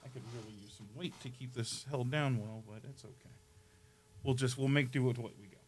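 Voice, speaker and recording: A man hosting a comedy podcast while putting on a playful impression of a soft-spoken TV painter, laughing often. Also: medium pitch, brisk, natural voice. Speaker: podcast host. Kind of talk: comedic Bob Ross impression.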